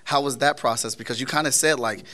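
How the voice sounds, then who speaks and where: A man's voice: mid-range voice, fast talker, bright, forceful tone. A man moderating a convention panel, asking casual questions with fillers and hesitations. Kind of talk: interview questions.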